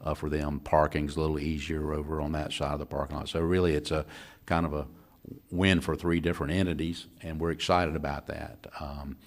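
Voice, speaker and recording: A man giving a county official's report at a public meeting, measured and pausing often with "uh". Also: extremely low pitch, flat delivery. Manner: measured, with many "uh" pauses.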